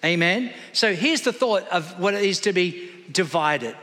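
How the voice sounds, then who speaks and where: A man's voice: high-pitched, animated, unhurried, bright, forceful tone. A man preaching a sermon in church, calling out to the congregation for responses. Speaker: pastor. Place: church hall. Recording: long hall reverb.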